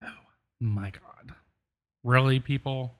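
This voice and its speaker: A man's voice: mid-range voice, fairly even intonation, slow pace. A man co-hosting a live show in casual banter, fumbling and exasperated while sorting out tasks. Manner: flustered, fumbling, exasperated asides.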